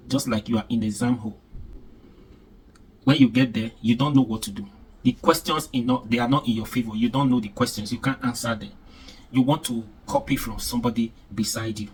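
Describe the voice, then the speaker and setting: A man's voice: mid-range voice, breathy edge, recorded from a distance, low-quality recording. A man with a Nigerian accent giving emphatic, repetitive commentary, mixing in pidgin expressions. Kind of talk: casual commentary.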